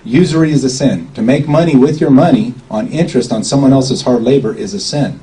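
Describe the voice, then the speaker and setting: A man's voice: medium pitch, brisk, dark tone. A man giving an informal talk to a group standing around, chatty and often checking in with an "okay?". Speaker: speaker at a gathering. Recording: distant mic with faint background noise.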